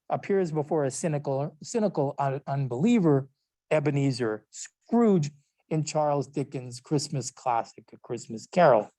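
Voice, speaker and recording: A man's voice: fairly high pitch, mellow. A man, a professor, giving a lecture, reading prepared text with small asides and self-corrections. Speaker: literature and law professor. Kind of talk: recorded lecture.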